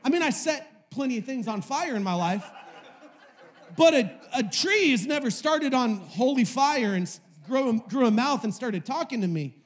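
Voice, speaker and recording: Man, preacher, very high voice, impassioned sermon, loud then hushed. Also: expressive, moderate pace. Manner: impassioned, swings between shouting and hushed tones; repetitive, rhetorical questions. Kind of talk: sermon to a live audience.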